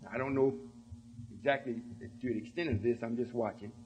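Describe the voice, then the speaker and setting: A man's voice: mid-range voice, steady tone, a little fast, highs cut off, a little hiss or hum. A man giving an emphatic sermon-style talk to his followers, often checking that they understand. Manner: emphatic, keeps asking "you see?". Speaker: religious speaker.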